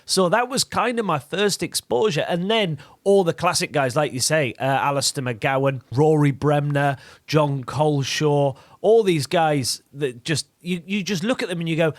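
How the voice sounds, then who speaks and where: Enthusiastic guy in his 30s, bit of a high voice, dry close mic, chatty guest on a radio show. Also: animated, moderate pace, dry recording. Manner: enthusiastic, chatty, laughs easily. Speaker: guest impressionist. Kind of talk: casual radio interview.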